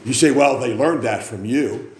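A man preaching a revival sermon, moving from quiet storytelling to shouted, high-pitched fervor. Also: normal speed, slight background noise. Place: church. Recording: echoey church room.

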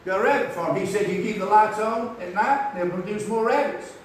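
A man preaching a rambling, folksy sermon that climbs into shouts. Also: high-pitched, fairly quick, a little hiss or hum. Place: church. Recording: echoey hall from far off.

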